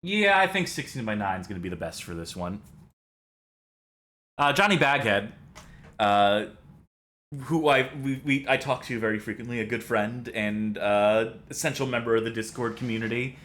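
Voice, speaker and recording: Young man, let's-play host, rambling and excitable, bright voice. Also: medium pitch, moderate pace. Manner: rambling, enthusiastic, self-deprecating. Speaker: game show co-host.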